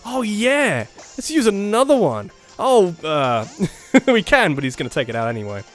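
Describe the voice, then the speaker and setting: Excitable man narrating his gameplay. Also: high voice, moderate pace, faint music behind. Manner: excitable, jumps between muttered strategy and loud bursts, laughs often. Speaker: let's play gamer. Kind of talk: casual game commentary.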